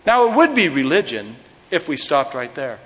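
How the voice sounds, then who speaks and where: A man preaches to a congregation in a church sanctuary, moving from excited, climbing passages to low, hushed asides. His voice sits a little high for a man. A long hall reverb trails every phrase. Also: normal speed. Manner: animated preaching with dramatic drops to a hush. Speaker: pastor. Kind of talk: sermon.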